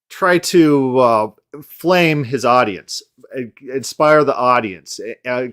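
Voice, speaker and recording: A man hosting a casual commentary podcast, talking at an ordinary middle pitch. He riffs on a debate clip in an easygoing, mocking way. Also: fairly bright tone. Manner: sarcastic, mocking impressions in quotes. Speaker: podcast host.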